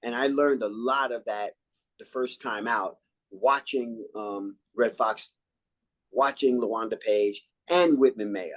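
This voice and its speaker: An older man from New York, an actor, telling stories in a relaxed interview and acting out old lines and catchphrases. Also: lowish voice, measured pace. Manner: animated, acts out quotes and catchphrases. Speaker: actor guest.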